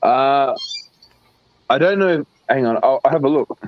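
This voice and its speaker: A man's voice: mid-range voice, lively intonation, unhurried, no echo, muffled recording. A man with an Australian accent, joking and teasing in casual chat, often calling people mate. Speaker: stream chat participant.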